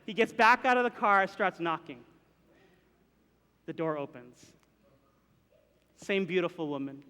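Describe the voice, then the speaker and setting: A man telling a personal story to a live audience, animated and acting out the voices and sounds in it. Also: sits high, a little slow, clean tone. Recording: long hall reverb.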